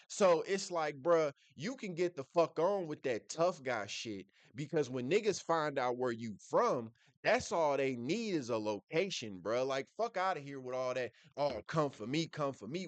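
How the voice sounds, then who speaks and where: Reacting to a clip, a man with a slightly high voice hosts the video in blunt, casual slang loaded with profanity, saying "bruh" after almost every thought. There's no echo on the recording.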